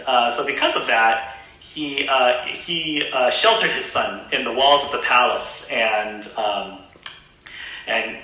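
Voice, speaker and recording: Man, Buddhist reverend guest, retells an old story with loose, halting delivery; very bright tone, very echoey room. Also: medium pitch. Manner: hesitant, many fillers and restarts. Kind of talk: casual storytelling.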